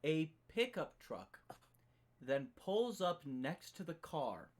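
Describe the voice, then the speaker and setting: A man's voice: on the high side, big pitch swings, slow. A man co-hosting a streamed book discussion, retelling the plot emphatically and swearing freely in casual chat. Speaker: book club podcast co-host.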